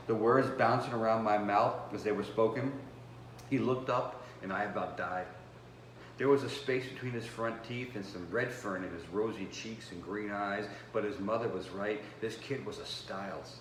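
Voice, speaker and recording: A man's voice: on the low side, fairly bright tone, a little hiss or hum. Man reading noir in an echoey room. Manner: measured, first-person storytelling. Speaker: author and host. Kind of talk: reading aloud from his own noir novel. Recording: roomy with faint background ambience.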